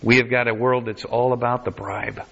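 A man's voice: mid-range voice, little pitch movement, moderate pace, creaky, a bit bright. A man preaching a sermon as pastor, reading scripture verse by verse and adding wry asides. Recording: dull lo-fi sermon recording.

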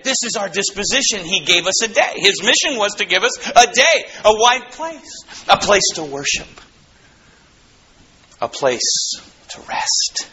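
A man preaching a sermon, swinging between soaring exclamations and hushed low asides. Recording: slightly dull, faintly noisy recording.

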